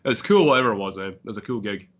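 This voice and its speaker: Scottish guy talking fast, kinda low voice, rambly band stories. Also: lively intonation, fairly bright tone. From Scotland. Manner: rambling storyteller, swears freely. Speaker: band member guest. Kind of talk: casual chat.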